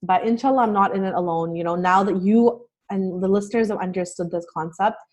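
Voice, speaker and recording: A woman's voice: medium pitch, brisk, darkish tone. A young adult woman, a life coach, talking as a guest in a casual podcast conversation, earnest and encouraging, with many fillers.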